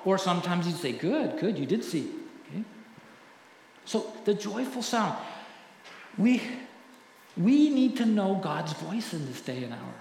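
A middle-aged male pastor preaching a sermon earnestly, often dropping to a hushed voice when telling stories. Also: high-pitched, very animated, unhurried, vocal fry, long pauses, slight background noise. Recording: echoey hall with faint ambience.

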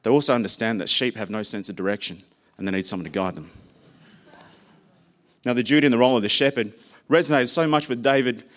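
A man preaching a sermon, speaking personally and conversationally and sharing stories about his own children. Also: mid-range voice.

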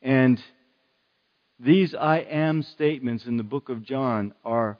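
A man's voice: mid-range voice, takes it slowly, highs cut off. A man preaching a sermon in an earnest way, repeating phrases for emphasis.

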